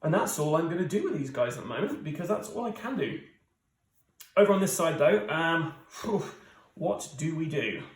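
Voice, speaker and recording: A British board game host in his thirties talks at a moderate pace in a fairly high voice with big pitch swings. Playing solo, he addresses viewers chattily with many fillers, and the audio is poor and roomy.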